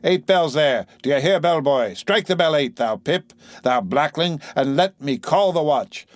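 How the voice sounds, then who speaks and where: A crew of rowdy sailors, hearty and loud, calling the watch and urging a dance, as a man puts them on. The reading is recorded dry and close. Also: a little high, lively intonation, a little slow, no room sound, voice pushed up. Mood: bellowing. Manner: hearty, bellowing.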